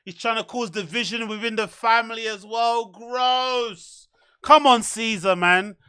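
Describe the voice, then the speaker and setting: A man's voice: very high-pitched, steady tone, unhurried, bright, forceful tone, smooth, dry recording, studio quality. A man hosting reaction commentary, mocking, profane and exasperated. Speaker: show host.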